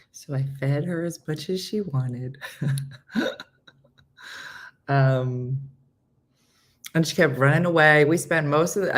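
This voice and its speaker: A woman hosting a morning show, chatting casually and telling a rambling, animated story with acted-out quotes. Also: sits low.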